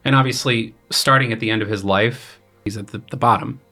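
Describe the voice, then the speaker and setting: A man's voice: lowish voice, a little fast, faint music behind. A young man, a graduate student composer, casually explaining his opera in a podcast chat, with lots of fillers. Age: young adult. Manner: relaxed, explains with many fillers and paraphrased quotes.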